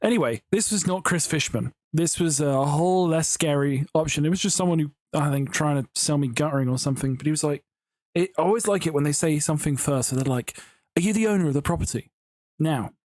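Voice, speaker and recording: A man's voice: a little high, a little mellow, no echo, studio quality. A man casually chatting and rambling through stories while building in a video game at home. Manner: chatty, rambling, giggly storytelling. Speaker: Minecraft building YouTuber. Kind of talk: casual gameplay commentary.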